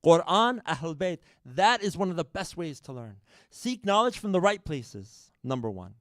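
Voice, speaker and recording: A man giving a sermon, telling a story to the congregation with lively shifts in loudness and addressing them as brothers and sisters. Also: fairly high pitch, moderate pace, dry recording, clean studio sound. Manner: animated, shifts loudness widely, addresses the audience directly. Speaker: speaker at a religious program. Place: mosque or community hall.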